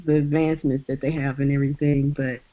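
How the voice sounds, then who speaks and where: A woman's voice: a bass voice, little pitch movement. Chatty woman podcast host, lo-fi sound. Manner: chatty, laughs often, halting restarts. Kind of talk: casual chat. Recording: dull lo-fi sound.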